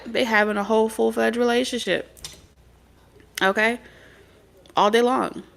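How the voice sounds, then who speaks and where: A woman with a gravelly, fry-laden voice gives spiritual advice in a loose, preachy monologue. She talks bluntly, swears freely and drifts into streetwise stories. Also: a little high, fairly even intonation, unhurried, fairly bright tone. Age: adult mother of several children. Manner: blunt, profane, streetwise storytelling. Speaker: spirit medium and tarot reader.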